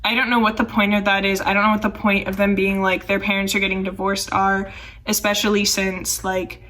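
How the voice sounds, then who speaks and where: A woman's voice: mid-range voice, level tone, fairly quick, fairly bright tone, distant mic. A young woman rambling through a casual film review, full of "like" and sarcastic asides. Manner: chatty, rambling, heavy use of "like", sarcastic asides. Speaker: film commentary YouTuber.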